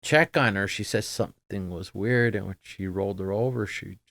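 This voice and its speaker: A middle-aged man talking casually as a podcast guest, halting and subdued, trailing off with many fillers. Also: lowish voice, gravelly, fairly bright tone, no echo. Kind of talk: casual conversation.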